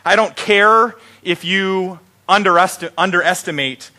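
A man's voice: high voice, a little slow, bright, forceful tone. A middle-aged man preaching an Easter sermon as pastor, joking and playful with his congregation.

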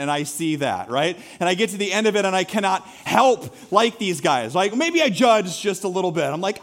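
Male pastor, higher-pitched voice, animated conversational sermon with self-mocking humor. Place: church sanctuary.

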